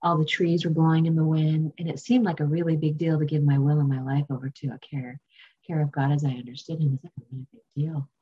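A woman's voice: low voice, flat delivery, fast, warm tone, slightly rough, lo-fi sound. A woman giving a candid, emotional recovery testimony at a meeting, often self-mocking.

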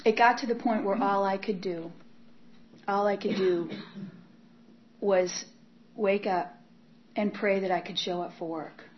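A woman's voice: medium pitch, fairly even intonation, unhurried, long pauses, muffled recording, a little hiss or hum. A woman giving an emotional personal testimony about her past, acting out her old inner voice and at times dropping to a whisper. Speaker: speaker sharing a recovery story.

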